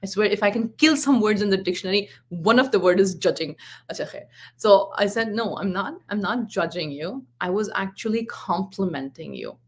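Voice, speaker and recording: A woman's voice: mid-range voice, expressive, a little fast. A woman in her forties, a parenting coach, giving a live talk and telling stories from home with quoted exchanges. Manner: earnest, storytelling with acted quotes.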